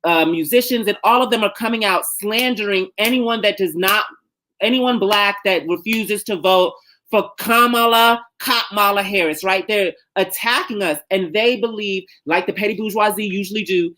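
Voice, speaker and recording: A woman co-hosting a casual book discussion, telling history in a lively, profane way. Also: mid-range voice, normal speed. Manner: animated, profane storytelling with acted-out voices. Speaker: podcast co-host.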